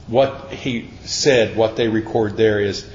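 A man's voice: steady tone, slow, a little mellow. A man preaching a sermon, telling Bible stories in a folksy, storytelling way. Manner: folksy storytelling, acts out voices. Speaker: pastor. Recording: echoey lo-fi room with faint rumble.

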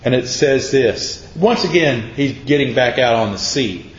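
A man's voice: mid-range voice, expressive, a little slow, a little hiss or hum. A man preaching a sermon, dramatic and acting out voices from the Bible. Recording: echoey room, dull sound.

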